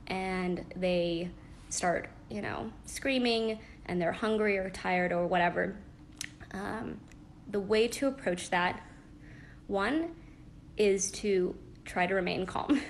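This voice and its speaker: At home, a young adult woman talks into her phone during a casual live-stream chat, offering practical parenting advice in a chatty way with soft laughs and filler words. Her voice sits at a medium pitch and sounds gravelly, with a little hiss or hum in the background.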